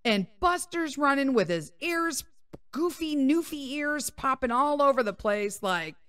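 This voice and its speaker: A woman podcast host telling a story in casual chat, animated and full of swearing. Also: high voice, slow, no room sound, clean studio sound. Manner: profane, animated, laughing.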